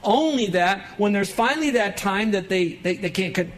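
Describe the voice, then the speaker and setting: A man's voice: moderate pace, few pauses, fairly bright tone, low-quality recording. Man preaching, fervent and emphatic. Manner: emphatic preaching with sudden rises in pitch and volume. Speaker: pastor. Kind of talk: sermon. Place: church sanctuary.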